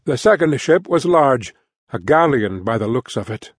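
A man reading fantasy fiction as an audiobook narrator in even, measured storytelling on a close studio mic. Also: mid-range voice, husky, dry recording. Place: dry studio booth.

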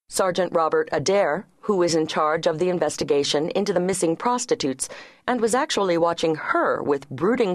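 A woman with a fairly low voice narrates a scripted audiobook in a measured, even manner. The recording is close and dry, without any room sound.

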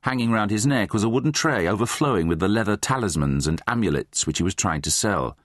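A man's voice: on the low side, quick pace, dry recording, clean studio sound. A man narrating a children's fantasy audiobook, reading expressively. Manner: expressive, voices many characters. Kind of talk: scripted storybook narration.

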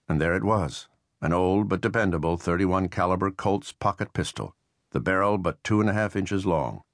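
Deep-voiced male audiobook narrator. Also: moderate pace, dry recording, studio quality. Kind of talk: scripted narration of a historical novel.

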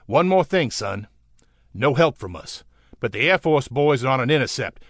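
A man doing a gruff old sea captain. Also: medium pitch, animated, moderate pace, a bit bright, no echo, clean studio sound. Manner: barking, fatherly.

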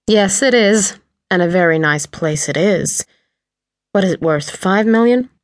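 A woman's voice: medium pitch, animated, a little slow, no room sound, clean studio sound, close to an everyday voice. A woman voicing a sardonic male intruder who taunts in a mock cheery tone.

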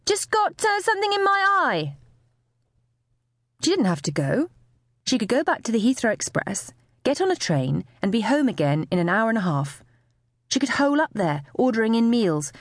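A woman narrating a novel aloud with expressive storytelling. Her pitch moves in lively swings. The recording is close and dry, with no room sound. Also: fairly quick, no echo. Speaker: audiobook narrator. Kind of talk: scripted narration.

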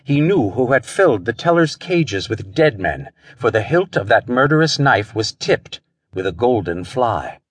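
A man's voice: medium pitch, sing-song, measured pace. A man narrating a pulp thriller audiobook in a dramatic storytelling style.

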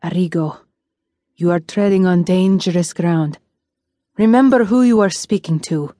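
A woman doing a low, stern young prince weighed down by guilt, warm dark tone, audiobook. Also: a little slow, no room sound, clean studio sound, lightly acted. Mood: brooding. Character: brooding young male prince, guilt-ridden.

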